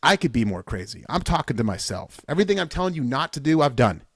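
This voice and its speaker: A man hosting a podcast, giving a fired-up motivational talk, piling up repeated calls in loud bursts. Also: mid-range voice, big pitch swings, fast, dry recording. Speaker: podcast host. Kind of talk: solo podcast pep talk.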